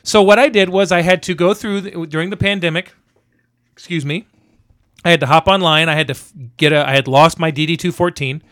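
A man telling a story in casual chat, animated and cursing, acting out both sides of a conversation. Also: a little high, brisk, dry recording, studio quality. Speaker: veteran guest telling a story.

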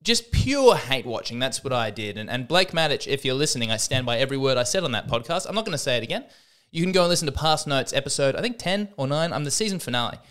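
A man's voice: mid-range voice, very animated, fast, fairly bright tone. A man hosting a podcast, delivering a rambling, self-deprecating comedic monologue with frequent restarts. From Australia. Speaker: podcast host.

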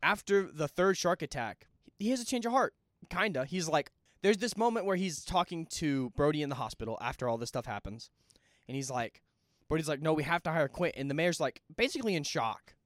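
A man's voice: a little high, sing-song, brisk, fairly bright tone, no room sound, clean studio sound. A young man co-hosting a podcast, chatting casually about a film and rambling through restarts mid-thought. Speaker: podcast co-host.

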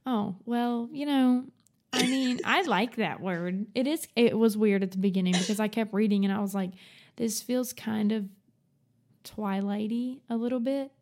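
A woman in her 20s co-hosts a casual, rambling book-club podcast in a slightly high, slightly mellow voice. She's chatty and quick to laugh.

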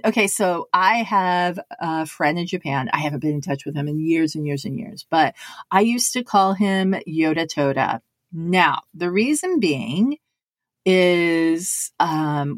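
A woman's voice: lowish voice, no room sound, studio quality. A woman who works as a voice actor, telling stories casually and acting out other people's lines. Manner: animated, acts out other people's lines in quotes. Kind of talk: casual storytelling to camera.

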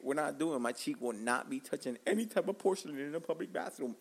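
A young man, hosting a casual podcast and telling a profane, animated story, acting out his own lines with whispers and yelps. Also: on the high side, fast talker, hardly any pauses. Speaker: podcast host.

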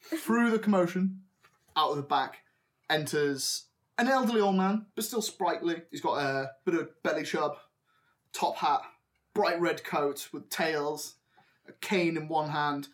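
A woman's voice: deep voice, measured pace. A woman narrating a tabletop game as game master, rambling with many fillers and frequent laughs.

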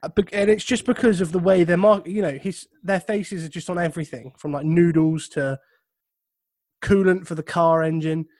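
A man's voice: a little high, fairly even intonation, normal speed, a little mellow, no room sound, studio quality. A man co-hosting a football podcast, telling anecdotes with wry humor in a casual chat. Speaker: podcast co-host.

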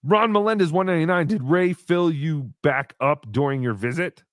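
A man hosting a live show, telling a story in casual chat with animated, exasperated swearing. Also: fairly high pitch, normal speed, no echo, clean studio sound. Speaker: podcast host.

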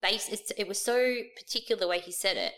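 A woman's voice: mid-range voice, fast, fairly bright tone, poor audio. Frank, rambling woman podcast co-host. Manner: rambling, frank, swears casually. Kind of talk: casual chat.

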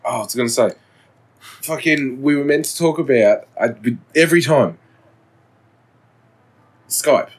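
A man's voice: medium pitch, measured pace, pauses often, husky. A man co-hosting a podcast in casual chat, laid-back and agreeable, swearing often. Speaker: podcast co-host.

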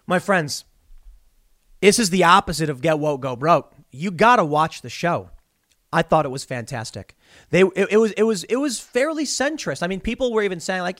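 A man hosting opinionated political commentary, animated and wry, with mocking asides. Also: sits high, fairly quick, dry recording, clean studio sound.

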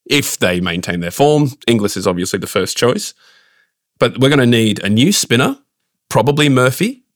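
A man's voice: mid-range voice, lively intonation, normal speed, no room sound, clean studio sound. A man co-hosting a casual cricket podcast, opinionated and launching into rants. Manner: opinionated, ranting. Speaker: podcast co-host.

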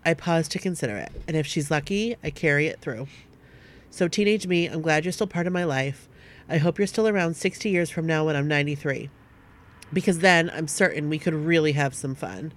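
A woman co-hosting a podcast, reading listener stories aloud at a steady pace and breaking off now and then to chat with her co-host. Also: low-pitched, a little fast.

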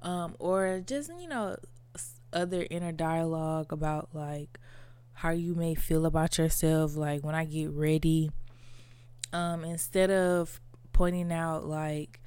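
A woman's voice: low voice, takes it slowly, warm tone, smooth, no room sound. A woman podcast host talking casually and candidly about her inner life, with lots of "like" and "you know". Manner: reflective, candid, many fillers like "like" and "you know". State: tearful at times. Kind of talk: casual personal monologue.

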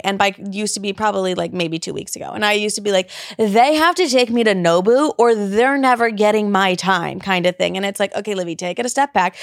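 A woman's voice: mid-range voice, no echo, studio quality. A young woman hosting a podcast, giving casual dating advice in a blunt, chatty way and swearing freely. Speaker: podcast host.

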